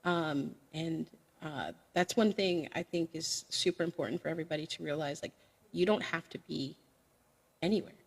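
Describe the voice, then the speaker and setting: A woman's voice: low-pitched, moderate pace. Chatty woman with long reverb. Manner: frank, chatty, sassy asides. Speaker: karaoke live streamer, guest. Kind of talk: casual podcast chat.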